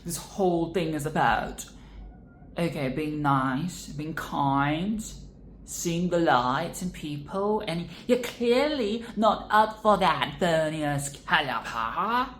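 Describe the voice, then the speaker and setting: Low-voiced woman ranting crudely. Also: lively intonation, slow pace, reverberant, a little hiss or hum. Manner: crude, rambling and profane, bursts of mock outrage. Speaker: vlogger reacting to a film. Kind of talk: casual reaction commentary.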